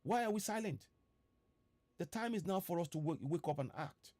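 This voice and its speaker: A man with a Nigerian accent delivers a fiery broadcast in a fairly high voice, hammering the same questions over and over and stumbling into restarts. The sound is close and dry, with no room around it. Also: lively intonation, normal speed, mellow, dry recording. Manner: fiery, repeats rhetorical questions, stammering restarts. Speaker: political activist host. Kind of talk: impassioned online broadcast.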